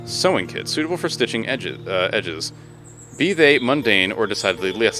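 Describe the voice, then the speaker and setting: Lively, swearing game streamer. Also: male voice, on the low side, moderate pace, over music. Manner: swears a lot, reads game text aloud, jokey. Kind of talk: casual gaming commentary.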